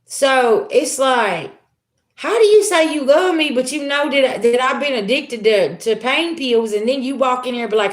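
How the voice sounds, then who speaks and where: A woman's voice: a little high, lively intonation, normal speed, reverberant. A middle-aged woman talking candidly and from the heart to her livestream viewers as a tarot reader, streetwise and swearing freely. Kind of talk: casual live-stream talk to viewers.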